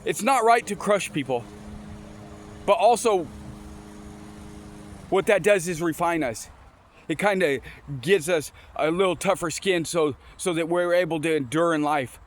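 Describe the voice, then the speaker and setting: A man's voice: a little high, a little slow, pauses often, a little hiss or hum. A man casually telling motivational stories, rambling and restarting often, with scripture mixed in. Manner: mixes in scripture quotes. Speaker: motivational storyteller.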